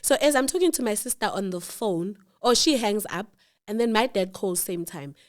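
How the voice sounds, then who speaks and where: Her voice is medium-pitched and moves at normal speed as this South African host tells a personal tale casually. She's animated, imitating the people in the story.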